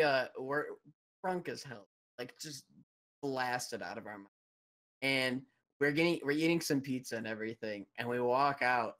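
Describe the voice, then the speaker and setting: A young man co-hosting a live-streamed chat show, telling a story with lots of laughing and "dude". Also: medium pitch. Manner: animated storyteller, keeps laughing mid-sentence and saying "dude". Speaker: co-host.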